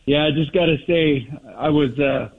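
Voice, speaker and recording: A man from Northern California calls into a radio show, speaking at a normal speed in a slightly high, husky voice. His phone-in call is heartfelt and rambling, and it comes through a tinny phone line.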